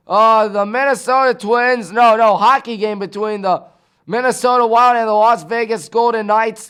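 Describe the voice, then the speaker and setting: A man hosting a local sports talk show, rattling through scores and picks in a casual, excitable way. He fires off rhetorical questions and exclamations. His voice is high, smooth and clear. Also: moderate pace.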